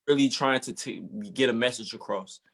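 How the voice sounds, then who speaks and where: A musician from Georgia, USA, answers casual interview questions hesitantly and with many fillers. His mid-range voice is gravelly and a bit bright, and he speaks fairly quickly.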